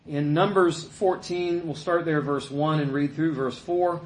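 A man's voice: a little high, steady tone, unhurried. A man preaching a sermon, reading scripture and retelling it in a conversational way, mimicking the complaining people with a mocking voice. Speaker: pastor. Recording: echoey room.

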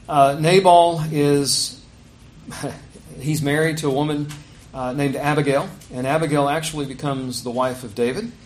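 A man's voice: a little high, a little hiss or hum. A man preaching a sermon in a conversational way, reading scripture aloud with emphasis.

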